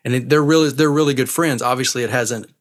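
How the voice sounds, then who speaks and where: A man's voice: mid-range voice, quick pace. A man co-hosting a podcast, talking casually about reality TV and musing aloud. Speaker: podcast co-host.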